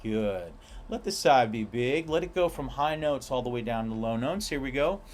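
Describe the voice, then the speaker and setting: A man teaching a guided breathwork class in a playful, animated way, stretching out key words for emphasis. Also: medium pitch, normal speed, a little hiss or hum. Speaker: breathwork instructor.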